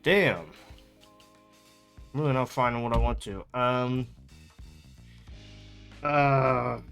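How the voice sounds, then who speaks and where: A man's voice: mid-range voice, takes it slowly, gravelly, fairly bright tone, clear, resonant tone, faint music behind. A young man chatting casually on his stream, rambling, amused and laughing often.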